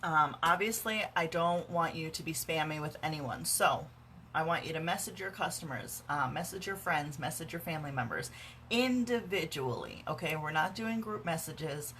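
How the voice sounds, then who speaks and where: A woman vlogs from home into her phone, walking viewers through how she runs her sales parties. Her voice sits a bit low but sounds bright and forceful, with a dry, sarcastic edge and plenty of "um"s and "right?"s. A faint hum sits under the recording. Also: animated, moderate pace. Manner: sarcastic, dry humor, chatty with many fillers. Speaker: direct sales consultant. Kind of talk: casual instructional vlog. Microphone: phone camera.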